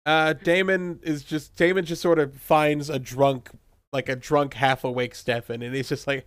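A man's voice: a little high, steady tone, normal speed, no echo, studio quality. Laughing, profane young podcast guy. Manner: profane, laughing, acts out quoted lines. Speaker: podcast co-host. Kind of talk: casual recap chat.

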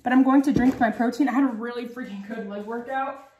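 A woman's voice: fairly high pitch, quick pace, darkish tone, muffled recording. A young woman chatting casually in a home vlog, full of "um" and "like" and out of breath after a workout. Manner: chatty, many fillers like "um" and "like". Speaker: vlogger.

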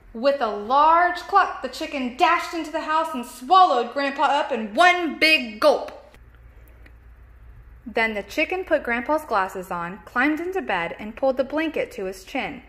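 High-voiced woman reading a children's story. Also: fairly bright tone. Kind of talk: storybook narration.

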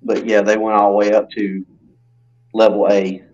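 A man's voice: on the low side, flat delivery, normal speed, a little mellow, dull audio. A middle-aged man chatting casually, rambling a bit with fillers, heard over a call. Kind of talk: casual chat.

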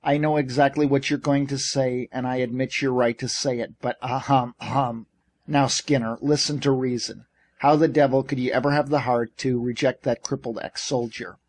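A man's voice: medium pitch, fairly even intonation, normal speed, natural voice. A man reading as a feisty old shipping boss. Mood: scolding. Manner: bantering, bossy, blustering. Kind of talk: audiobook character reading.

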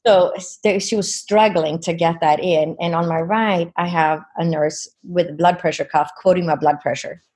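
A woman's voice: lowish voice, fairly even intonation, normal speed, few pauses, darkish tone. A woman guest in an interview, earnestly retelling a personal experience with many "you know"s. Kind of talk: personal storytelling.

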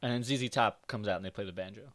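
A man's voice: fairly low pitch, rapid-fire, fairly bright tone, dry recording, clean studio sound. A man co-hosting a casual comedy podcast, playful and riffing on absurd ideas. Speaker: podcast co-host.

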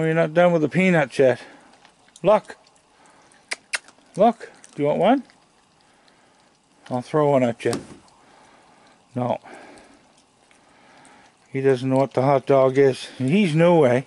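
Slow gravelly man talking to raccoons. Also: on the high side, a little mellow. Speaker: raccoon feeder filming his yard. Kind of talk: casual talk to animals. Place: outdoors at a house deck.

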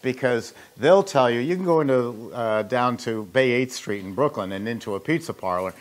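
A man's voice: medium pitch, expressive, normal speed. Rambling man telling business stories. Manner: rambling, anecdotal, with joking asides. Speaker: host and ice machine maker. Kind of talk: casual instructional talk.

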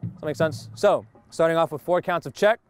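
Loud music plays behind a brisk, fairly high-pitched male voice. The speaker, a drum instructor with a wireless lavalier mic, explains snare drum technique to a group in steps and keeps asking whether they've got it.

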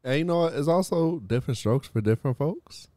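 A man hosting a podcast, telling animated stories in casual chat, swearing and laughing often. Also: on the high side, fairly quick, no echo, clean studio sound. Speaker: podcast host.

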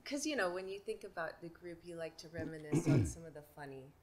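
A woman in her forties, a podcast guest telling stories in a casual, animated way and laughing often. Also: sits low, quick pace, heavy background noise. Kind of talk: casual storytelling.

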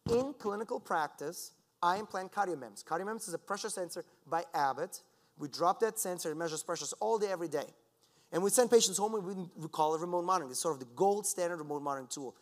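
A man giving a scientific conference talk, lecturing in a lively, conversational way with asides to the audience. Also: high-pitched, quick pace. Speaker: conference speaker. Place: lecture hall.

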